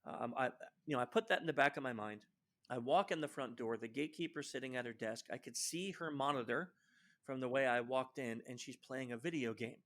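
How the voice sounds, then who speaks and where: A man as a podcast guest telling stories about his work, animated and acting out quoted lines, with many fillers and restarts. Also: medium pitch, brisk. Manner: animated storyteller who acts out quoted lines. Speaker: guest social engineer. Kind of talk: storytelling in a podcast interview.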